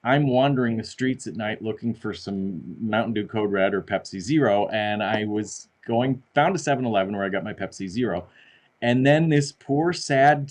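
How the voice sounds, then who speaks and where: A middle-aged man, a podcast guest, talking in a lively, self-deprecating way about his life. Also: medium pitch, low-quality recording. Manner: animated, self-deprecating storyteller. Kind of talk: casual conversation.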